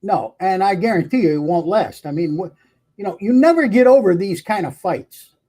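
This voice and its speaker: A man with a high voice chimes in during casual chat. He agrees emphatically and often repeats himself. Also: animated, normal speed, mellow. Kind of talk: casual group chat reacting to a livestream.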